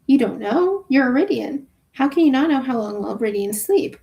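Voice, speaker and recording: A woman's voice: sits high, animated, normal speed, warm tone. A woman reading the part of a wry, nerdy male scientist stranded in space, in her own voice. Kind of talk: reading a novel aloud.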